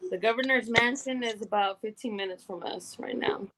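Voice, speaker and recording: A woman's voice: a little high, moderate pace, fairly bright tone, poor audio. Blunt swearing woman caller from Arkansas. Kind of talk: casual call-in chat.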